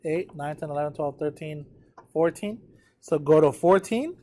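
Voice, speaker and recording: A man's voice: fairly high pitch, normal speed, mellow. A tired man teaching a math class, talking students through a graph and checking in with them often. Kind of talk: live classroom lecture at a whiteboard.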